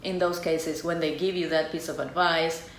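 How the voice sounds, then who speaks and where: A middle-aged woman from Buenos Aires with an Argentine Spanish accent. She is a tango teacher explaining culture in a chatty, expressive way and acts out little scenes. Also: low-pitched, moderate pace. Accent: Argentine Spanish (porteño). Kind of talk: casual explanatory vlog. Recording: echoey room with faint ambience.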